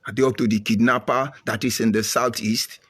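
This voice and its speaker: A man's voice: mid-range voice, steady tone, brisk, husky. A middle-aged man with a Nigerian accent, giving an impassioned, preachy monologue to viewers. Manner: emphatic, repetitive, preachy. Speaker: commentator.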